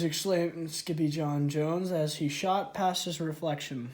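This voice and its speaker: Man reading a storybook aloud, slow, slightly high, trips over words. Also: steady tone, a little mellow. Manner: stumbling, self-correcting reading. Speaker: story reader.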